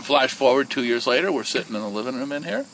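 A man's voice: medium pitch, animated, quick pace, background noise. A man who co-founded a whiskey distillery tells its story casually and with animation, often repeating and restarting words.

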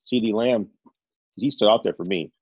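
A man's voice: on the low side, moderate pace, slightly rough, dry recording, dull audio. A man co-hosting a casual podcast, talking hesitantly and restarting often. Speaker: podcast co-host. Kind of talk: casual chat.

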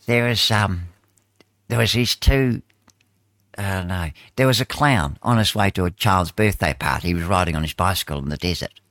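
A New man chats as a radio co-host in a very deep voice. He tells stories in a meandering way, full of restarts. The sound is dry and close. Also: fairly bright tone, dry recording. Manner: meandering storyteller, halting starts. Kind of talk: casual radio banter.

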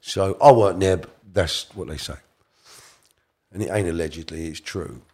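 A middle-aged interview guest with a low, warm, husky voice rambles through a casual story at a moderate pace. He corrects himself as he goes and occasionally takes on quoted voices.

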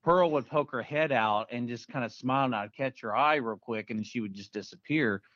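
Halting man telling a story, dry sound. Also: medium pitch, fairly bright tone, dry recording. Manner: halting, restarts often, conversational. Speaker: guest. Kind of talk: casual storytelling. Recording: dull, dry podcast audio.

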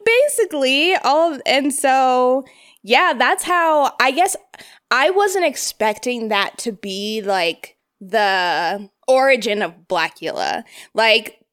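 A young woman in casual movie review chat, animated and joking, swearing freely. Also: sits high, takes it slowly, clean tone.

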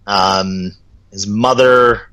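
Bright-voiced man in casual podcast chat. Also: lowish voice, steady tone, very slow, highs cut off. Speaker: podcast co-host.

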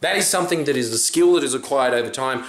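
A young stand-up comedian with a mid-range voice talks fast in a brash, casual monologue, swearing and acting out the voices of people he quotes. He's in a room with a green backdrop, and the sound is roomy.

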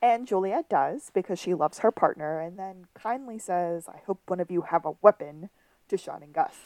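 A woman co-hosting a casual podcast, talking through an episode with a slightly low voice. The sound is dry and close, with no room around her. She tosses in quick quoted lines as she retells scenes. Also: a little mellow, no echo. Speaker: podcast co-host. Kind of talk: casual episode recap chat.

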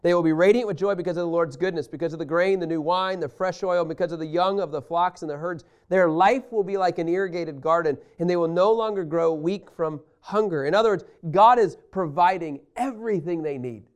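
A man teaching a Bible lesson, reading scripture aloud and explaining it in an emphatic, animated way that speaks straight to his listeners. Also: high voice, brisk, hardly any pauses, clean tone.

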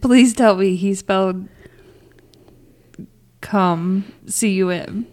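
A woman co-hosting a podcast who teases her friend with quick interjections in casual chat. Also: mid-range voice, darkish tone. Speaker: podcast co-host.

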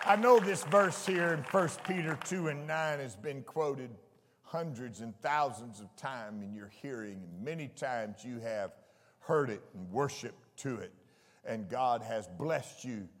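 A man preaching a fervent sermon to his church, shouting out exclamations. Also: mid-range voice, unhurried, some chatter behind, slight background noise. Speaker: pastor. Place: church sanctuary. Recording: echoey church hall with congregation.

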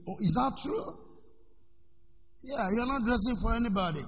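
High, bright-voiced preacher man. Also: animated, normal speed, pauses often, in a large hall, slight background noise. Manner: preaching with shouts and call-and-response. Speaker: pastor. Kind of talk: sermon.

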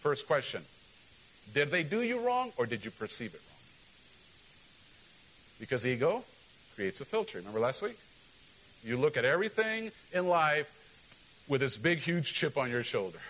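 A male pastor preaching a sermon in an animated, joking way, often asking the congregation questions. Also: fairly high pitch, moderate pace, pauses often, poor audio.

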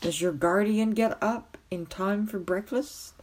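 A woman's voice: mid-range voice, measured pace, a little mellow, voice pushed up, close to an everyday voice. A woman voicing a bumbling, mournful older king-knight who whines and sighs. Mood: wistful eager. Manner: plaintive, whining, sighing.

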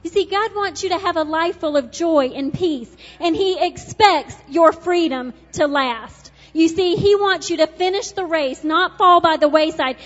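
A woman preaching a sermon with passion, moving between loud urgent pleading and quiet intimate moments. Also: extremely high pitch, moderate pace, few pauses. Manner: impassioned, swings from loud urgency to hushed intimacy. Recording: dull reverberant hall with soft music.

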